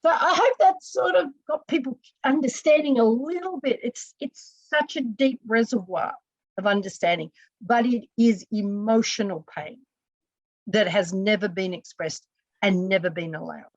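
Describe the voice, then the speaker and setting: Her voice mid-range and her pace measured, a female counselor guesting on a casual podcast speaks earnestly, restarting and adding asides as she explains. There's no echo, but the highs are cut off.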